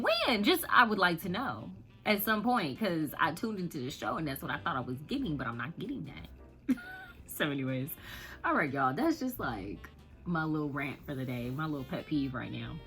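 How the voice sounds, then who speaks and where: A woman's voice: fairly low pitch, animated, normal speed, sharp tone, soft background music. A woman vlogger in a casual rant to the camera, emphatic and repeating herself, laughing often.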